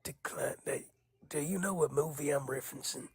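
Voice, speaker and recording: A woman's voice: low voice, normal speed, gravelly, slightly rough, no room sound. A woman co-hosting a casual chat, sarcastic and playful. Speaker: co-host.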